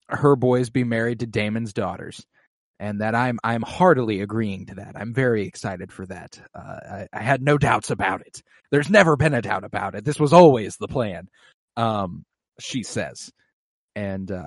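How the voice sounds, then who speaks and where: A man's voice: on the low side, no echo, studio quality. A man in casual chat, animatedly retelling a show's episode with lots of swearing and acted-out quotes.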